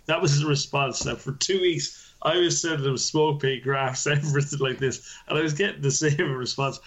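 A man's voice: fairly high pitch, moderate pace, fairly bright tone. A man, a network engineer telling a story in casual chat, swearing and laughing as he goes.

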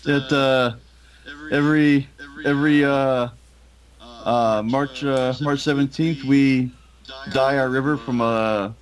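A man's voice: medium pitch, steady tone, slow pace, long pauses. A man in casual podcast chat, joking dryly and hesitating with many fillers. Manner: dry humor, hesitant with fillers.

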